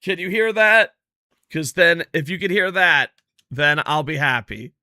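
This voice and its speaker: A man's voice: fairly high pitch, expressive, measured pace, sharp tone, dry recording, clean studio sound. A man streaming a football game, chatting casually with lots of swearing and grumbling about his stream tech. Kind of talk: casual gameplay chat.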